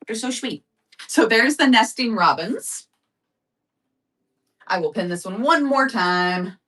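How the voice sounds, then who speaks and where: A live shopping host sells craft supplies on a live stream, chatting casually and upbeat with viewers. Her medium-pitched voice is expressive and a bit bright, she takes it slowly, and the mic is distant.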